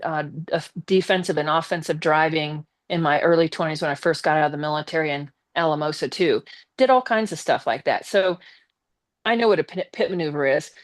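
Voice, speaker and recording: A low-pitched woman appears as a guest on a live stream, telling a personal story. She's casual and animated, swearing bluntly along the way.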